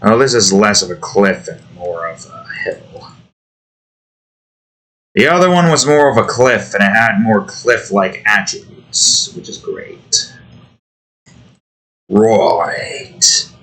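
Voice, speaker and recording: A man's voice: fairly low pitch, expressive, unhurried, fairly bright tone. A tired man rambling and grumbling to himself in casual commentary while he builds a game. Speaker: game developer vlogger.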